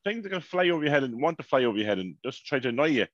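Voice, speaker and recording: A man, co-hosting a podcast, telling stories in an animated, swearing rant. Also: medium pitch, very fast, no room sound. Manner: animated, swearing, ranting storyteller. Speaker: podcast co-host. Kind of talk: casual chat. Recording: dry, dull lo-fi podcast mic.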